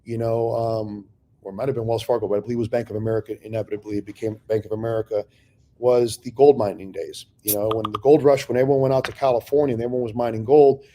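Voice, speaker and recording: A man's voice: mid-range voice, steady tone, fast talker, dark tone, slight background noise. A man candidly telling stories from his real estate investing career in an interview, blunt and often profane, acting out past conversations.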